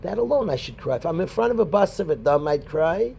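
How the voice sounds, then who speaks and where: A rabbi teaching a Talmud class in a conversational way, quoting Hebrew and Aramaic and calling on students by name. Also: male voice, fairly high pitch, expressive, fairly quick, vocal fry, mellow, slight background noise.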